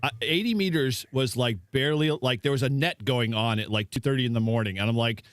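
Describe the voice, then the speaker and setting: A man's voice: medium pitch, a little fast, clean tone, no echo. A man co-hosting a casual live stream chat, telling stories loosely with lots of fillers. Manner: rambling storytelling with many fillers and laughs.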